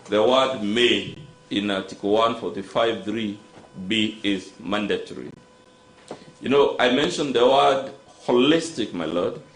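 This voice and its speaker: A man with a Kenyan accent, an advocate making a formal, rhetorical courtroom submission and repeatedly addressing the judge. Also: medium pitch. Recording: echoey courtroom audio.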